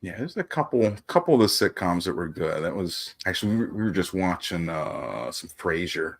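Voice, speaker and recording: A man's voice: sits low, very animated, normal speed. A man in a casual chat, easygoing and agreeable, often dropping short replies.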